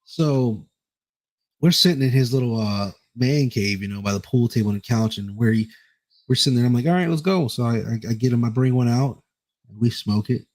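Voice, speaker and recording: A man's voice: mid-range voice, steady tone, a little fast. A man co-hosting a podcast, telling a story in a rambling way and repeating himself. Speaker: podcast co-host. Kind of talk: casual storytelling chat.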